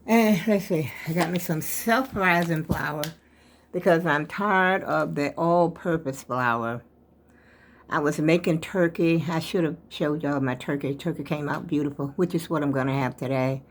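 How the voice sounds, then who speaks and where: An older woman with a deep voice and unhurried delivery chats casually at home for her vlog, rambling and a little out of breath. She addresses viewers as "y'all," with a faint hiss or hum in the audio.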